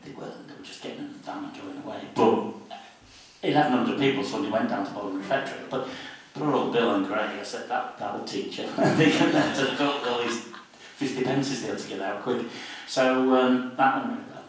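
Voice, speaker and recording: A man's voice: medium pitch, a little fast. A man in his seventies spins anecdotes for a meeting audience, slipping into the voices of the people he quotes. His voice carries through a very echoey hall, picked up from a distance with a light hiss underneath. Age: 70s. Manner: lively raconteur, acts out quoted voices. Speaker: interview guest, former student union officer. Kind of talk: anecdotal storytelling at a public meeting.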